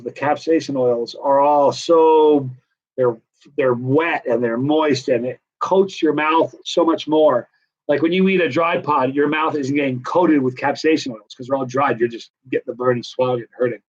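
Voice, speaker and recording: A middle-aged man with a slightly high voice, hosting a relaxed live-stream question session. He rambles easily between answers and viewer shout-outs. The sound is dull and lo-fi. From United States, East Coast. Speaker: host of a hot pepper channel. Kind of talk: casual live-stream Q&A chat.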